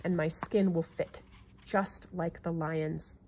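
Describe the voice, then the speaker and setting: A woman's voice: low-pitched, steady tone, slow, mellow, breathy edge, voice pushed down, full character voice. Woman voicing an earnest little elephant. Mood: hopeful. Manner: earnest, polite. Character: little young male elephant, anxious and polite.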